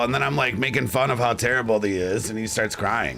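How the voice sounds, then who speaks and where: A man's voice: mid-range voice, moderate pace, creaky, few pauses, bright, forceful tone, a little hiss or hum. A man streaming live and chatting casually with his viewers, blunt and crude, joking and ranting. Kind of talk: casual livestream chat.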